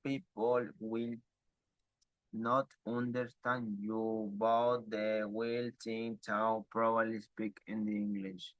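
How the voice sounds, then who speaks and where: Slow, halting man reading aloud. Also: lowish voice, level tone, a bit bright, dry recording, lo-fi sound. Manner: halting, stumbling reading with restarts. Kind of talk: reading a text aloud for an exam.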